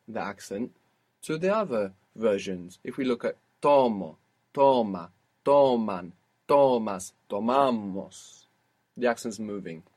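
Man, language teacher, husky, patient, prompting questions, brief praise. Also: medium pitch, darkish tone. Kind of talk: spoken language lesson.

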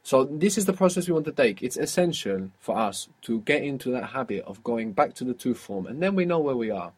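A man's voice: mid-range voice, very animated, brisk, husky. A man teaching a guided audio language lesson, patiently asking questions and explaining step by step.

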